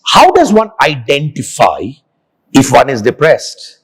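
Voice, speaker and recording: A man's voice: mid-range voice, wildly swooping pitch, measured pace, slightly rough. A man hosting an interview in a chatty, conversational way, asking open questions. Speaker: interview host.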